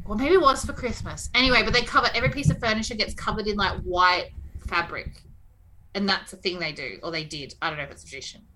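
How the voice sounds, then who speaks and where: A woman's voice: mid-range voice, fast, bright, forceful tone, a little hiss or hum, low-quality recording. A woman co-hosting a casual podcast, chatty, trailing off and swearing casually. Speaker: podcast co-host. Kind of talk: casual chat.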